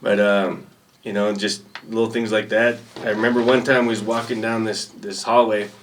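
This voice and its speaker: A man's voice: fairly low pitch, flat delivery, normal speed, distant mic, slight background noise. A man guest telling casual stories, rambling and laid-back. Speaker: podcast guest. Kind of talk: casual storytelling. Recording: voice a bit off-mic.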